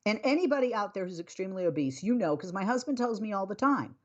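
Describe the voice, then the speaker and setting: A woman's voice: mid-range voice, very animated, fast talker, highs cut off. A woman hosting a talk radio show, telling a story and then scolding listeners in an exasperated, emphatic way. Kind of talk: opinionated talk radio monologue.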